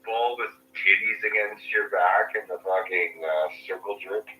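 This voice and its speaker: A man's voice: on the low side, fairly even intonation, measured pace, bright, forceful tone. A man in a casual, profane chat, joking and rambling through crude theories. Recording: distant mic in an echoey room with faint noise.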